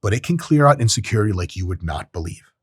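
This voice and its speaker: A man's voice: fairly low pitch, big pitch swings, fast talker, slightly rough, dry recording, studio quality. A man hosting a podcast, giving a blunt, profane casual monologue and acting out short voices. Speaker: podcast host. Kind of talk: casual monologue on self-improvement.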